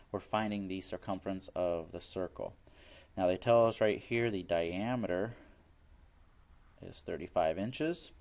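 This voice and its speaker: A man's voice: sits low, a little mellow. A man teaching a recorded math lesson, explaining each step plainly and working problems aloud.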